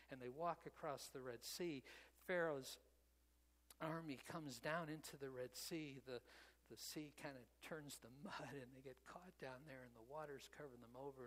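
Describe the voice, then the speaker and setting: A man's voice: mid-range voice, measured pace, a bit bright, long reverb tail, poor audio. A man preaching a sermon, retelling the story in a conversational way with frequent "you know" asides. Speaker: pastor.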